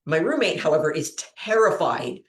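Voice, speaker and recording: A woman's voice: low-pitched, very animated, moderate pace. Rambling, giggly woman host in a roomy space. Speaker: trivia show host. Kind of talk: casual chat and storytelling. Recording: roomy echo.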